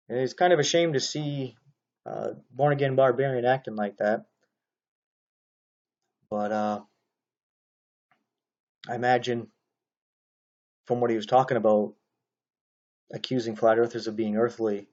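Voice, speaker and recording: A man's voice: mid-range voice, measured pace, pauses often, a little mellow, dull audio. A man talking casually into his own camera, commenting on another preacher's video in a rambling monologue full of fillers and restarts.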